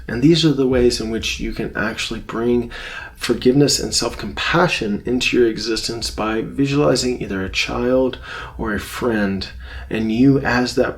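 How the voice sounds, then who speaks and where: A man teaching a self-help course lesson on anxiety, speaking in a gentle, reflective way and often repeating phrases for emphasis. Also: mid-range voice, gravelly. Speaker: course instructor.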